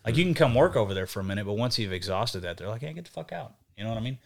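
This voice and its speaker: Profane storytelling young man, lowish voice. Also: expressive, very fast. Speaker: podcast guest, band vocalist. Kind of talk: casual podcast chat.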